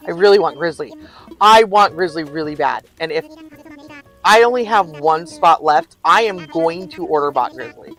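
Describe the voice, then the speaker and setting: A woman's voice: low voice, brisk, soft background music. An older woman streaming a life-sim game, chatting casually and telling stories with frequent laughs. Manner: chatty storyteller, laughs often. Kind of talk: casual gameplay chat.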